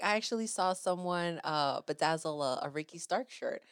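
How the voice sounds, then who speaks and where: Young female podcast host, low-pitched, close and dry, chatty and effusive. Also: normal speed, clean tone, dry recording. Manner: gushing, animated storytelling with acted-out quotes. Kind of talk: casual chat.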